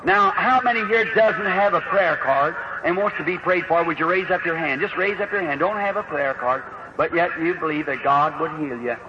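Heard through the audible hiss of an old lo-fi recording, a man with a voice on the high side speaks at a moderate pace. Folksy and earnest, he leads a revival healing service, preaching, calling prayer card numbers for the prayer line, and building to fervent emphasis.

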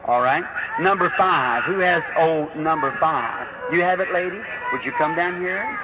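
Revival preacher, earnest and folksy, higher voice, on a muffled hissing old tape. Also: male voice, a little slow. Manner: folksy, earnest, calls out prayer card numbers, rises to fervent emphasis. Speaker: preacher leading a healing service. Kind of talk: revival sermon and prayer line. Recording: lo-fi old recording with audible hiss.

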